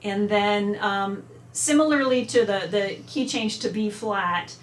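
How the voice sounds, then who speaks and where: A woman at middle pitch walks through an instrument lesson in a chatty way, now and then singing short phrases out on syllables. The room is echoey, with faint ambience behind her. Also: unhurried, slight background noise. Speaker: music teacher.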